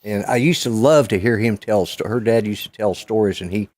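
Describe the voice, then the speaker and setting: A man's voice: fairly low pitch, brisk, darkish tone, dry recording. A man in his sixties from Colorado with an Oklahoma-tinged Southern American accent, hosting a live stream and telling long rambling stories with casual swearing. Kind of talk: casual chat.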